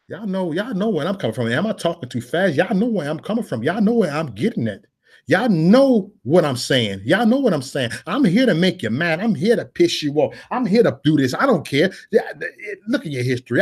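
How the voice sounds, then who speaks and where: A man delivering a preachy, freewheeling monologue, repeating his phrases in a sermon-like cadence and mixing in casual slang, swinging from loud declarations to mumbled asides. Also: a little high, sing-song, normal speed, husky. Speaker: political vlogger. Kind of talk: preachy live-stream monologue.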